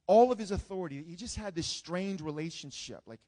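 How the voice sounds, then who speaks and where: A man's voice: high voice, expressive, brisk, few pauses, warm tone. A man preaching a sermon as a pastor, telling a story earnestly with frequent restarts.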